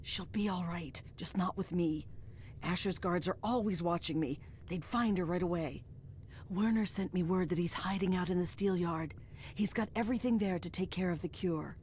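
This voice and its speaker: Woman playing a calm scheming game rebel. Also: on the low side, moderate pace, slight background noise, lightly acted. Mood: conspiratorial.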